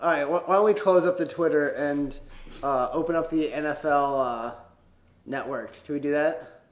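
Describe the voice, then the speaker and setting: A man's voice: fairly high pitch, normal speed, roomy sound. A man hosting a podcast in casual comedic banter, joking, loose and profane. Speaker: podcast host.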